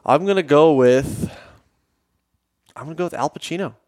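A man's voice: a little high, moderate pace, darkish tone, no echo, studio quality. A man co-hosting a casual podcast chat, blunt and profane, given to mocking impressions. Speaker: podcast co-host.

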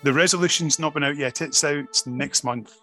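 A man's voice: on the high side, moderate pace, pushed and bright, faint music behind. A man, interviewing an actress in a friendly way. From Scotland.

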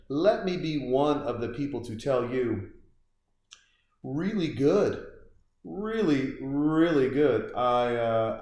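A man talking casually as a podcast host, rambling and restarting his sentences with plenty of fillers. His voice sits at an ordinary middle pitch. The room around him rings with a noticeable echo. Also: darkish tone. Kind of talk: casual chat, reacting to a film while drinking beer.

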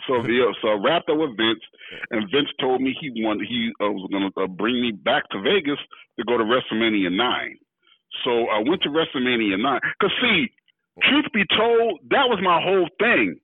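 A rapper and entertainer, a man, telling animated stories as an interview guest and acting out the voices of others. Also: mid-range voice, moderate pace, no echo. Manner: lively, acts out quoted voices, laughs while telling. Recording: tinny dry phone-like audio.

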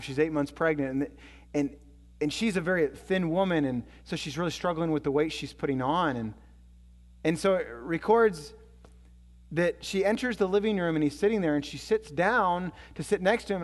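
A male pastor with a fairly high voice preaches a sermon, telling stories as he rises loud and excited before falling to a hushed, low tone. Long hall reverb carries his words.

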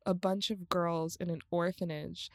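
A woman's voice: lowish voice, little pitch movement, normal speed, no room sound, clean studio sound. A woman co-hosting a podcast, recapping films in a rambling, casual chat, laughing often and swearing freely. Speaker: podcast co-host.

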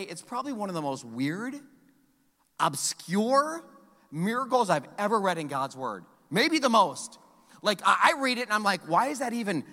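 A middle-aged male pastor preaches with animated storytelling, his voice high and swinging widely in pitch. The tone is bright and forward. A long hall reverb trails behind his words. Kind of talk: sermon.

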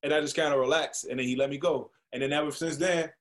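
A man in his thirties from Washington, DC, a guest telling a story in casual conversation. He is animated and slangy and acts out the voices he quotes. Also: fairly high pitch, fast.

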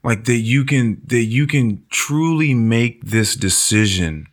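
Slow-talking male interviewer. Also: medium pitch, lively intonation. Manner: slow, reactive, stammering restarts. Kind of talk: conversational interview.

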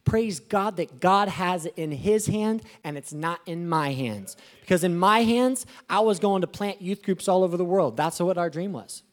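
Pastor guy preaching, gets loud and fired up, swings between low and high. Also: normal speed, hardly any pauses. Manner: animated, rising to emphatic exclamations. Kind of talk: sermon.

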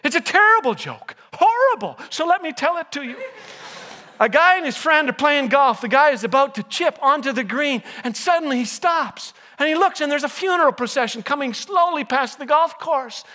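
An older man giving a humorous sermon to a live audience, telling jokes and stories and teasing the crowd when jokes fall flat. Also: very high voice, normal speed, big-room sound. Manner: jokey storyteller, teases the audience. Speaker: chapel speaker.

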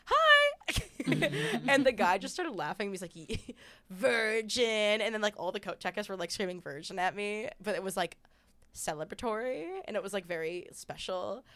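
A woman comedian guest telling stories in casual podcast chat, giggly and animated. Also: mid-range voice.

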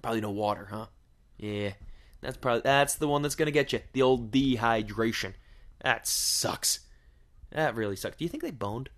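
A man's voice: mid-range voice, normal speed, fairly bright tone. A man riffs casually on his podcast in a crude, joking way. He swears constantly and keeps asking rhetorical questions as he rambles. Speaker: podcast host. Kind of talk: casual comedic podcast monologue.

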